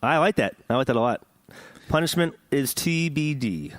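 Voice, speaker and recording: A man's voice: medium pitch, lively intonation, normal speed, no echo. A man hosting a gaming podcast in casual chat, joking, rambling and swearing. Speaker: podcast host.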